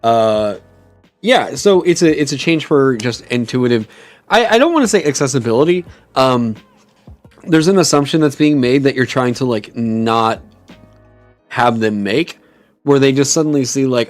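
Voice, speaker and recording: A man streamer chatting casually and reacting, excitable and rambling, with frequent swearing. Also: medium pitch, normal speed, soft background music. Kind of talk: casual chat.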